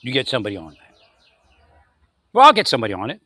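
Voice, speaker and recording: A man's voice: mid-range voice, wildly swooping pitch, fast talker, pauses often, bright, forceful tone, dry recording. A man delivering a confrontational monologue, angrily ranting at unseen opponents. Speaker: vlogger.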